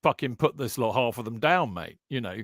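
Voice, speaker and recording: A man's voice: mid-range voice, brisk, dry recording, clean studio sound. A man co-hosting a football podcast, chatting casually with friends, bantering, restarting sentences and calling people mate. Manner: animated, banter-filled, stammering restarts, calls others mate. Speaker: podcast co-host.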